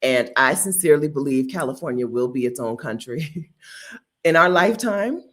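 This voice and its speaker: A woman's voice: low-pitched, lively intonation, normal speed. A woman hosting a casual livestream, chatty and playful, laughing often and answering viewer comments. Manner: chatty with many asides and restarts. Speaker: livestream host.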